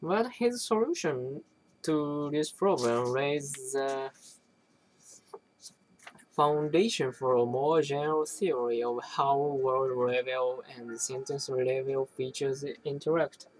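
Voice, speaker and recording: Slow reader, academic text read aloud, halting, frequent restarts, self-corrections. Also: mid-range voice, rough recording.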